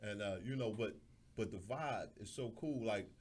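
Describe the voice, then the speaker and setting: A man's voice: fairly low pitch, normal speed, husky. A man hosting a radio talk show, telling stories in a laid-back way and often repeating words. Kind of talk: casual chat.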